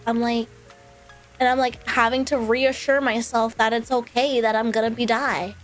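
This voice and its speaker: A woman's voice: a little high, level tone, normal speed, soft background music, low-quality recording. A woman streamer telling a personal story in a casual, rambling way, full of fillers and small laughs. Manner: rambling, filler-heavy, with laughs between phrases.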